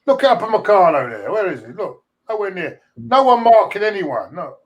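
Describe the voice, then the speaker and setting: A man's voice: sits high, sing-song, brisk, lo-fi sound. A man hosting a live football watchalong, giving blunt, casual banter about the match. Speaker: main host of a football watchalong.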